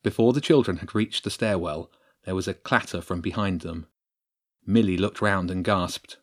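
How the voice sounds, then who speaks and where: A man narrating a children's adventure story with a steady, expressive reading. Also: sits low, moderate pace.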